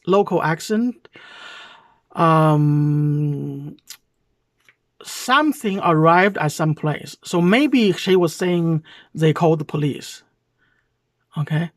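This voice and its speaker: Heated commentator with a Chinese accent. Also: mid-range voice. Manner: keeps asking "okay?", explains word by word, heated and accusing. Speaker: video commentator. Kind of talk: reaction commentary over a video clip.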